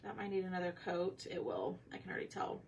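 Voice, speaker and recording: A woman's voice: on the low side, expressive, fast, darkish tone, recorded from a distance, highs cut off. A woman hosting a craft livestream, chatting casually with her viewers while she paints. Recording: voice a bit off-mic with faint room noise.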